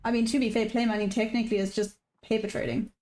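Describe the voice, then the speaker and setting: A woman's voice: fairly high pitch, level tone, fast, a little mellow. A woman from Africa, chatting casually on a trading livestream, reading viewer comments aloud and laughing often. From South Africa. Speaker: day-trading livestream host.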